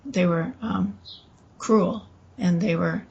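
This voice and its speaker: A woman recounting a personal experience in an interview, talking haltingly with restarts and quoting dialogue, with faint noise behind her. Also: lowish voice, gravelly, a little mellow, husky, highs cut off.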